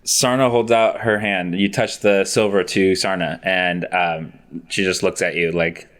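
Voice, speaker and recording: A man's voice: sits low, steady tone, a little slow, fairly bright tone. Laughing male game master. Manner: laughs often while narrating. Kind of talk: narrating a tabletop game.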